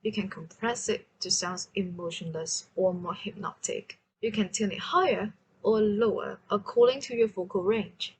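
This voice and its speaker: A woman teaching a language lesson, slowly and carefully demonstrating sounds and tones. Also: medium pitch, breathy edge, low-quality recording.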